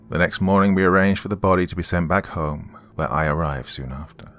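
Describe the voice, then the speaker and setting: Gravelly man narrating horror. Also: sits low.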